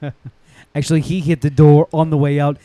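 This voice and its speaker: A man's voice: a little high, level tone, moderate pace, dark tone, no room sound, close to an everyday voice. A man doing an improv impression of a blustering, boastful businessman boss, barking short repeated commands. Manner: bossy, clipped repeated commands.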